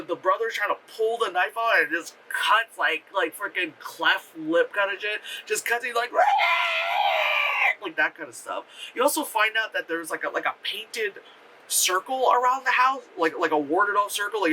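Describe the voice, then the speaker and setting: A man's voice: high-pitched, moderate pace, bright, forceful tone, raised voice, slight background noise, rough recording. A young man casually reviewing a movie, rambling and profane, packed with fillers as he animatedly retells scenes.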